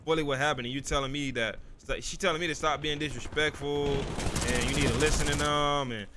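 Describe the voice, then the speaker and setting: A young man streaming a game, rambling through a personal story in a casual, profane way, often asking "you feel me" and getting louder when worked up. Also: fairly high pitch, steady tone, a little fast, a little hiss or hum. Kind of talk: casual storytelling while gaming.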